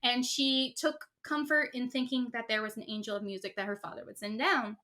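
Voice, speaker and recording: A woman co-hosting a podcast, casually retelling a story in an animated, rambling way with many asides. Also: on the high side, brisk. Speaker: podcast co-host.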